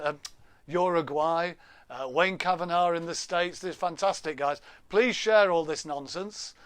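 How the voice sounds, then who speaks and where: A man talks into his laptop webcam from a room at home, hosting a casual live stream. His voice sits a little high and the sound is dry and close. He chats and jokes, laughs often and reads out viewers' names and comments. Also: dry recording. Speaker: livestream host.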